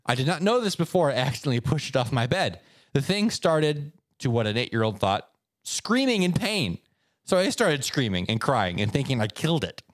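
A man co-hosting a podcast, telling stories in a casual, animated way. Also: fairly quick, no room sound, clean studio sound. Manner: animated storyteller, swoops up in pitch for effect. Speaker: podcast co-host. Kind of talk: casual chat, reading stories aloud.

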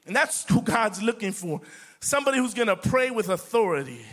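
A man preaching to his congregation in a high voice with a bright, forceful edge. He swings from near-whispers to loud declarations and drives his points home by repeating words over and over. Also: sing-song, fairly quick. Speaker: pastor. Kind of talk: sermon.

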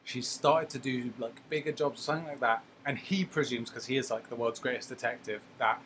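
A man's voice: medium pitch, fairly quick, a bit bright, a little hiss or hum. A man co-hosting a casual podcast, discussing a film in a laid-back way with joking asides. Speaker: podcast co-host.

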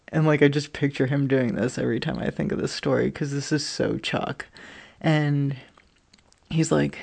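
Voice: mid-range voice, steady tone, measured pace, gravelly, pauses often, a little mellow, husky. A speaker in their thirties sharing a candid personal story, rambling, with lots of "like" fillers and casual swearing.

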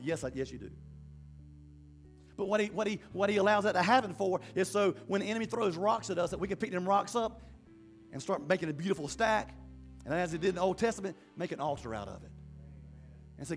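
Male pastor, high voice, fervent preaching, repeats and restarts; soft music under. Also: quick pace. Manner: impassioned preaching with repetitions and restarts. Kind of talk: sermon.

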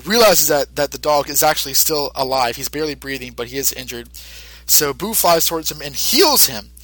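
A man's voice: a little high, bright, forceful tone, no room sound, rough recording. A male podcast host casually recapping an episode, rambling with lots of fillers.

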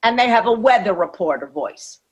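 A woman's voice: mid-range voice, expressive, a little hiss or hum, poor audio. A middle-aged woman coach talking in a podcast interview, emphatic and blunt, swearing freely and acting out inner voices. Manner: acts out inner voices in quick asides. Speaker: master coach, podcast guest.

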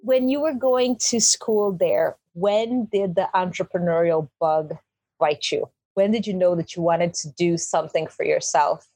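A woman hosting a podcast interview, chatty and quick to laugh. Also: lowish voice, mellow, no echo. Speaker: podcast host. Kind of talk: casual interview.

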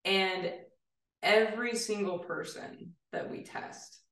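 A woman's voice: mid-range voice, steady tone, slow pace, a bit bright. Enthusiastic woman guest, echoey room. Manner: enthusiastic, explanatory. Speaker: guest therapist. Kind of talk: casual interview chat. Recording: roomy, distant mic.

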